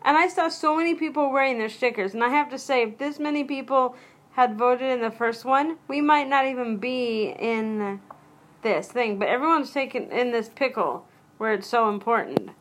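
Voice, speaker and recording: A woman's voice: on the high side, normal speed, a bit bright. Rambling, chatty woman podcast host. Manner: rambling, interrupts herself, chatty asides. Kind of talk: casual solo podcast talk.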